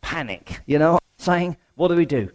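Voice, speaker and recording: A man's voice: on the high side, lively intonation, a little fast. Chatty man preaching a sermon. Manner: conversational, asks the congregation questions.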